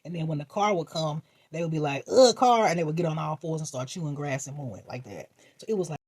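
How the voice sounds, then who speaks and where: Husky, animated dream storyteller. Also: mid-range voice, fast. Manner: animated, acts out voices and reactions, laughs often; slangy, swears freely. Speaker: vlogger.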